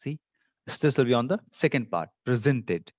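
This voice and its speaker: A man's voice: mid-range voice, sing-song, a little fast, dry recording, highs cut off. A man teaching an online English class, explaining patiently with many fillers. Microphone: computer mic on video call.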